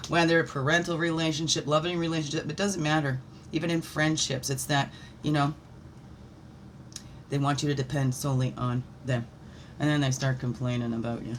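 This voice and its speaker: A woman leading a daily spiritual reflection while pulling oracle cards, animated and encouraging, with playful asides. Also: sits low, moderate pace, a little hiss or hum. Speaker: spiritual guide.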